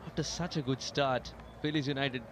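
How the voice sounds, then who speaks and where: A man calling live cricket play-by-play, lively and lifting his voice on big moments. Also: mid-range voice, moderate pace, noisy background. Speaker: cricket commentator. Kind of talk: live sports commentary.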